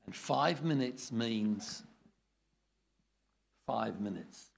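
Older aussie guy teaching preaching, gravelly husky voice, jumps all over in pitch, blunt and jokey. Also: lively intonation, drawn-out words. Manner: blunt, jokey, demonstrates tones of voice. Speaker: preaching trainer.

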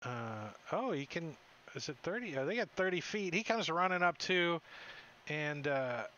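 A man narrating a tabletop game as game master, animated and laughing often, tossing in quick character voices. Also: on the high side, lo-fi sound.

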